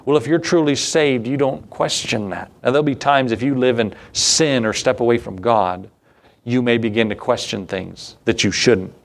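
A man's voice: medium pitch, normal speed, vocal fry. A man preaching an evening sermon in a folksy, conversational way, reading verses aloud and chuckling now and then. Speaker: pastor.

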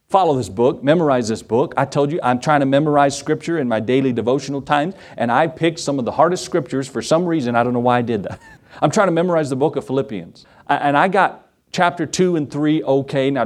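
A middle-aged man preaching a sermon, telling stories in a folksy way and acting out the quotes while he talks straight to the congregation. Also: medium pitch. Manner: animated storytelling with acted-out quotes; folksy, addresses the congregation directly. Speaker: pastor.

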